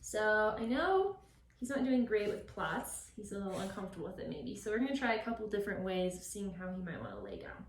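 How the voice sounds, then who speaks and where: A woman dog trainer explaining a puppy session, switching between calm explanation and high, bright praise for the dog. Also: fairly quick, a little hiss or hum. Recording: echoey, from a distance.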